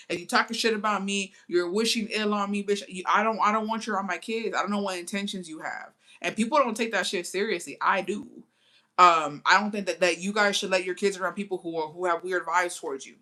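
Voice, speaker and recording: A woman, chatting to her viewers in a blunt, profane way, slipping Spanish into her English and telling stories with theatrical asides. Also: mid-range voice. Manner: animated storytelling with theatrical asides. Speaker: vlogger. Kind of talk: casual chat to viewers.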